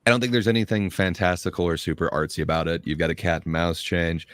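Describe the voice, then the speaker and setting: A man with a very low voice in a casual online film discussion. His sound is dry and close, and he talks through his thoughts in a rambling, reflective way. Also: steady tone, quick pace, fairly bright tone, smooth, dry recording. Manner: thoughtful, rambling analysis with fillers.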